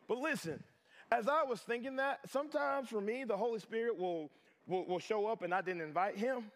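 A man preaching a sermon as a pastor, animated and joking, acting out little voices as he goes. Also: sits high, moderate pace. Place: chapel.

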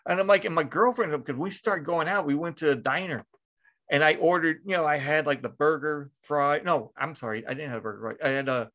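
Man, podcast host, casual chat, rambling, swears, laughs a lot, slightly high pitch. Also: fairly quick, pushed and bright.

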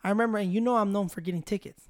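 A man's voice: sits high, fairly even intonation, rapid-fire. A man in casual podcast chat, arguing and swearing, calling his friend "bro". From Chicago area. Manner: profane, argumentative, calls his friend "bro".

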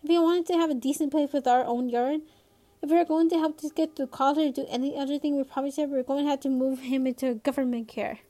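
A woman's voice: high-pitched, fairly even intonation, quick pace, warm tone, natural voice. A woman reading a novel aloud, voicing a strained mother who speaks insistently. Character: frustrated, strained middle-aged mother.

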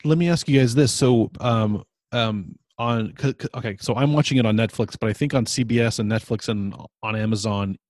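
A man hosting a casual podcast chat, rambling with lots of fillers and quick laughs. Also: mid-range voice, darkish tone, no room sound, studio quality. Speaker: podcast host.

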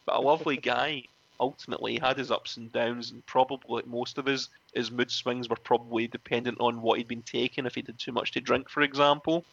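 A man, a former wrestling referee, telling animated stories in a casual interview, often laughing and acting out other people's lines. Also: medium pitch, a little fast, gravelly, muffled recording. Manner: animated, laughs often, acts out quoted voices.

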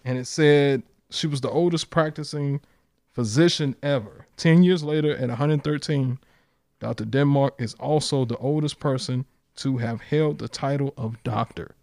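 A man's voice: medium pitch, moderate pace, darkish tone, no room sound, studio quality. A man co-hosting a podcast in casual chat, blunt and profane, reading out facts. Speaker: podcast co-host.

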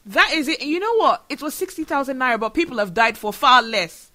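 A man's voice: very high voice, animated, a little fast, pushed and bright. A man from Nigeria, hosting a solo podcast and talking in an earnest, emotional way. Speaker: show host.

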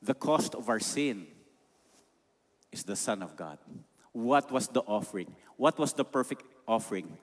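A man with a Filipino accent preaches an emphatic sermon, slipping Tagalog phrases into his English. His voice is on the low side, animated and unhurried, with the long reverb of a large hall.

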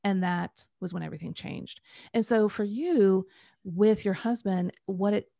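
A middle-aged woman coaching on the Enneagram, telling animated personal stories and acting out what people said. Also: medium pitch, a little slow, gravelly, no echo, studio quality. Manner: animated storytelling, acts out quoted voices. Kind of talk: conversational podcast talk.

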